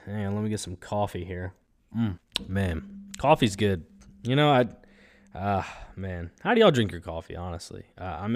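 A man's voice: on the low side, darkish tone. A young man, hosting a casual solo podcast from home, rambling with lots of fillers. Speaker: podcast host.

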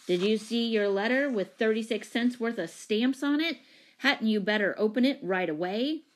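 A woman's voice: a little high, normal speed, voice pushed up, lightly acted. A woman reading aloud, voicing a hopeful young boy who presses with eager questions. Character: hopeful schoolboy, eager and pushy.

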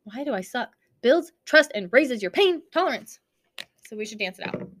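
A young woman co-hosting a podcast in casual chat, dramatic and quick to swear while reading trivia aloud. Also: on the high side, expressive, fairly bright tone. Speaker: podcast co-host.

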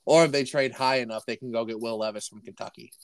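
A man's voice: medium pitch, steady tone, quick pace, dry recording. Young male podcast co-host, loose rambling delivery, dry close-miked sound. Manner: rambling, joking, restarts and laughs. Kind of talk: casual sports chat.

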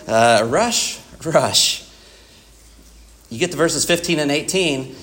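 A man preaching a morning sermon in a church, talking to the congregation in a conversational way and often asking "right?". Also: medium pitch. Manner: conversational, with frequent "right?" asides and acted quotes.

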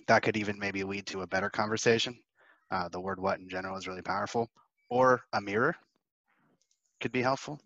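A young man in his twenties giving casual sales advice on a panel, animated and acting out phone exchanges as he talks. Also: on the low side, a little fast, dry recording. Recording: dry, slightly dull lo-fi audio.

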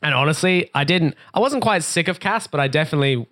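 A man's voice: a little high, animated, fast, fairly bright tone. A young man, co-hosting a casual podcast chat and telling rambling stories with plenty of casual swearing. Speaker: podcast co-host.

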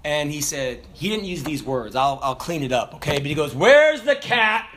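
A man preaching a sermon, telling a personal story and swinging from low, quiet passages to raised, shouted exhortation. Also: fairly quick, a little hiss or hum.

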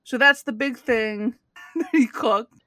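Bright, giggly young-sounding woman recapping. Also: a little high, slow pace, dry recording. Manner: giggly, filler-heavy storytelling. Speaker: podcast co-host recapping a show. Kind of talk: casual chat.

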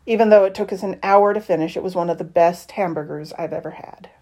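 A woman reading a novel aloud in the first person, with expressive, lively shifts in tone. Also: lowish voice, fast talker. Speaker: audiobook reader.

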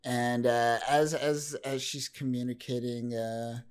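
A man's voice: mid-range voice, takes it slowly, clean tone. Laid-back man recapping comics. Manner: relaxed recapping with fillers, bursts of play-acting. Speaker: podcast co-host. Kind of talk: casual chat about comics.

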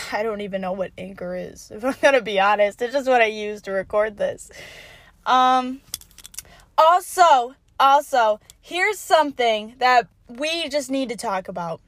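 A young woman hosting her own solo podcast, rambling and swearing freely, swinging between low mutters and loud yelling. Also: dry recording. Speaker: podcast host.

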